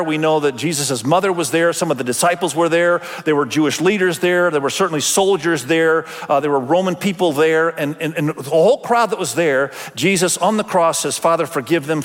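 A pastor with a somewhat high voice preaches in a large hall. He speaks conversationally and acts out the voices of the people he quotes.

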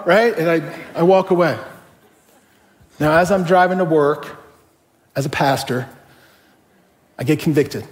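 Animated pastor preaching in a reverberant hall. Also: male voice, fairly high pitch, normal speed, long pauses. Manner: conversational, animated, with rhetorical questions. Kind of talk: sermon with storytelling.

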